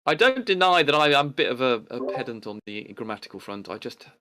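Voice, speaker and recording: A man's voice: mid-range voice, very animated, quick pace, bright, forceful tone. A man with an English accent in a casual online debate, talking in a pedantic, indignant way that rambles with restarts.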